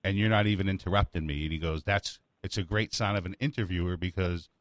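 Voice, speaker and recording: A man hosting his own comedy talk show, chatting in a relaxed, rambling, self-deprecating way. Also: low voice, quick pace, no room sound. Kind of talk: casual chat.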